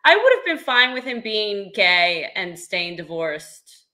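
Bright, dry-witted young woman. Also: mid-range voice, very animated, takes it slowly. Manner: dry, sarcastic. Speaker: guest comedian. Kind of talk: casual podcast chat.

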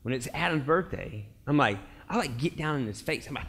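A young pastor preaches in a casual, chatty way, slipping into little acted-out quotes and laughing along with his own stories. His voice is bright and forceful, sitting a touch high for a man, and he talks to a church congregation. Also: fairly quick, breathy edge. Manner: animated storytelling, acts out quotes, laughs often. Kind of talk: casual conversational sermon. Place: church sanctuary.

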